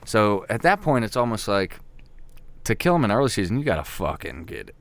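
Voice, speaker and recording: Low-voiced guy telling a wild hunting story, swears a lot, dry close sound. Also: a little fast, dry recording. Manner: profane, animated storyteller. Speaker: podcast co-host. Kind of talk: casual storytelling chat.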